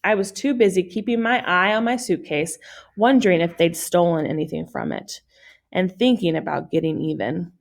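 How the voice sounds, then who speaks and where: A woman's voice: lowish voice, moderate pace, vocal fry. A woman reading a children's novel aloud in plain storytelling style, with small slips that she corrects. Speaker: audiobook reader.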